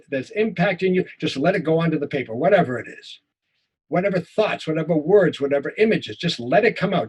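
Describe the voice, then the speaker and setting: A man teaching a writing class, reading a personal story aloud in an earnest way, with halting restarts. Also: fairly high pitch, husky.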